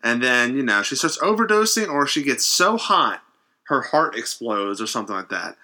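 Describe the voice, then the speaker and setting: Animated man with a bright voice. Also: mid-range voice, normal speed. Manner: animated, acts out quotes in varied voices, swears freely. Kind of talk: casual chat recapping a horror episode.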